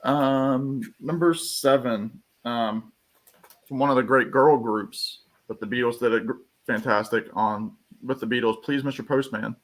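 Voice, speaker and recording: An eager man co-hosting a laid-back live-stream chat. His voice sits in an ordinary middle pitch, and he rambles along, sometimes breaking into sung or mimicked bits. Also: fairly even intonation, measured pace. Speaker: co-host.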